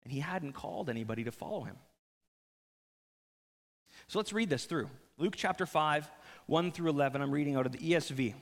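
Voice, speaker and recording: Pastor preaching, high lively voice, chatty and jokey, big echoey church hall. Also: male voice, fairly quick, creaky, pauses often. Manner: animated, conversational storytelling with jokes. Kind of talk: sermon.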